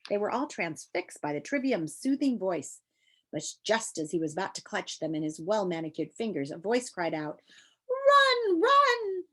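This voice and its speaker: Expressive woman reading a storybook. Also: fairly low pitch, moderate pace, slightly rough. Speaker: reader. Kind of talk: reading a children's novel aloud.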